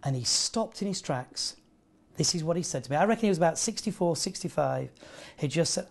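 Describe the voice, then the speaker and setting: A man delivers a sermon. He preaches earnestly and tells everyday stories, adding lively asides as he goes. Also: fairly high pitch, fairly quick. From northern England.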